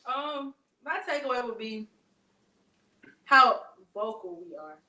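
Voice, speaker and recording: A woman's voice: fairly high pitch, animated, slow, pushed and bright. A teenage girl on a podcast panel, speaking plainly and earnestly. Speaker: teen panelist. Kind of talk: casual group chat. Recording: echoey room, far from the mic.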